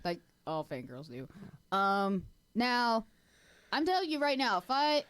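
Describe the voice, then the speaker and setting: A woman's voice: sing-song, unhurried, clear, resonant tone. A woman co-hosting a casual podcast, rambling and giggling while acting out imagined scenes. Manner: giggly, rambling, acts out quotes in squeaky voices. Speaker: podcast co-host. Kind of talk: casual chat.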